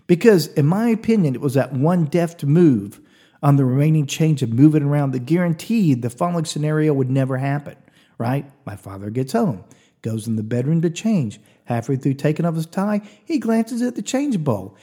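A man's voice: on the high side, lively intonation, moderate pace, warm tone, breathy edge. A man hosting a podcast, telling a comic story in a chatty way, with confiding asides to the listener. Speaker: podcast host.

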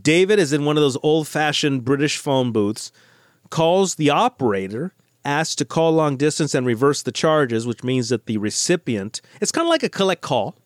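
A middle-aged American man co-hosting a casual movie podcast, chatty and animated, often restarting his sentences. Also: on the high side, normal speed, no echo, clean studio sound. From United States. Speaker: podcast co-host.

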